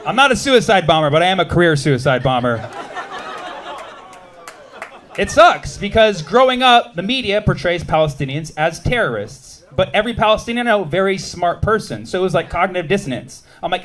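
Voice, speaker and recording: Male stand-up comic, fairly high voice, sardonic, quick crowd work, club stage. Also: lively intonation, fairly bright tone. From United States. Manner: quick, sardonic, jumping between bits and audience banter. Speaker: stand-up comedian.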